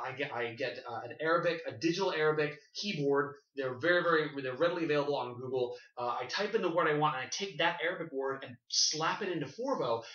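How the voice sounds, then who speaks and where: A man's voice: a little high, pushed and bright. Canadian male co-host, casual, rambling and eager, heard from a distance in an echoey room with dull lo-fi sound. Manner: rambling, enthusiastic, many fillers and restarts. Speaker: podcast co-host. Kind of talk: casual panel chat. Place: shared room.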